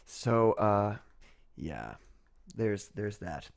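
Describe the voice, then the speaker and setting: A man's voice: fairly low pitch, big pitch swings, extremely slow, gravelly, soft background music. Sarcastic rambling male stream host. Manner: rambling, sarcastic, laughs often. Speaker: livestream host. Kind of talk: casual livestream commentary.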